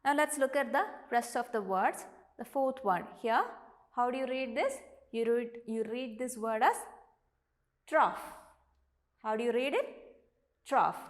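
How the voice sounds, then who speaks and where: A woman teacher with an Indian English accent, giving an online lesson and sounding out each word slowly and deliberately. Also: a little high. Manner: slow, deliberate, models each word aloud.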